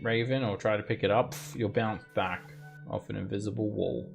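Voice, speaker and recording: A man runs the tabletop session as dungeon master, his voice low and full of fry. He lays out each room in steady, descriptive narration and calls the rules on what the players try. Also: normal speed, faint music behind.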